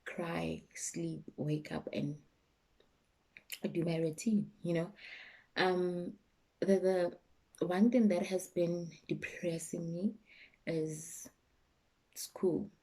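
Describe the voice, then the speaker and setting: A young South African woman with a South African accent, talking candidly and emotionally to her vlog viewers, sometimes dropping to a soft, low voice. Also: fairly even intonation, drawn-out words, long pauses. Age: young adult. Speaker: YouTuber. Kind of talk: personal vlog chat.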